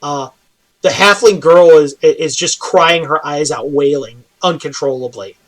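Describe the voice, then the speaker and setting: A man runs a tabletop role-playing game as game master, narrating scenes in a loose, casual way. His voice sits a bit high, and fillers and restarts run through his speech. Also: measured pace, poor audio.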